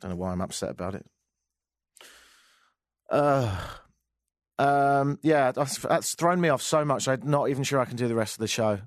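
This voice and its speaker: A man's voice: mid-range voice, moderate pace, pauses often, no room sound, studio quality. A man hosting a radio show, chatting wryly through the news with muttered asides. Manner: wry, rambling, mutters asides. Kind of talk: casual news chat.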